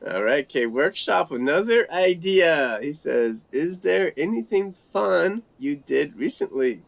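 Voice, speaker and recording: Man, language chat host, slow deliberate delivery, gravelly fry in the voice, halting tries at foreign phrases. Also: fairly high pitch, expressive, slight background noise. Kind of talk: casual live-stream chat.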